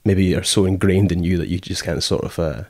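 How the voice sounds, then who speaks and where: A man's voice: deep voice, fairly even intonation, a little fast, creaky, a little mellow, no room sound, studio quality. A Scottish man in casual conversation, rambling with many fillers and acting out quoted thoughts as he tells stories. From Scotland. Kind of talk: casual chat.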